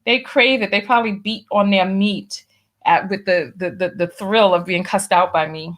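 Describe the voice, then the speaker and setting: A woman's voice: mid-range voice, steady tone, normal speed, a bit bright. A woman hosting a live-stream talk show, reading out donations with a sassy, teasing, playfully scolding manner. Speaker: host.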